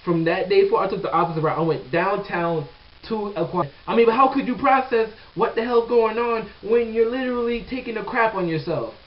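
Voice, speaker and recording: A young man vlogging, telling a long story in a loose, animated, profane way with lots of fillers and asides. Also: sits high, a little fast. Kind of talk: casual storytelling. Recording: distant, dull lo-fi webcam sound.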